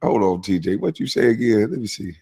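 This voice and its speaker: A man hosts a stream, reacting to clips with profane, casual roast commentary and bursting into laughter as he mocks them. His lowish voice is expressive, a little fast, mellow and husky with vocal fry, and his nose sounds stuffy.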